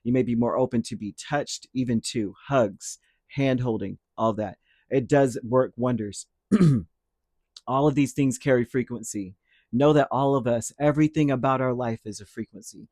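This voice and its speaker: A man talks through a spiritual reading in a casual, meandering way, often correcting himself and tossing in little check-ins. His voice sits at an everyday middle pitch, recorded close and dry with no room sound. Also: normal speed, a little mellow, dry recording. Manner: rambling, self-correcting, tags lines with "right?". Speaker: tarot reader.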